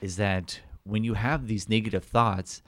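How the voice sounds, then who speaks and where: A man's voice: fairly low pitch, steady tone, unhurried, fairly bright tone, no echo, studio quality. A man hosting a podcast in an encouraging way, summing up his guest's points and acting out quotes with animation. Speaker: podcast host. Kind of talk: casual podcast conversation.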